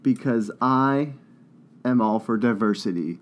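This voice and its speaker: A man's voice: mid-range voice, very animated, moderate pace. A man co-hosting a casual comedic chat, joking and slipping into put-on accents as he tells stories. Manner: joking, puts on accents mid-story. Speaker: podcast co-host.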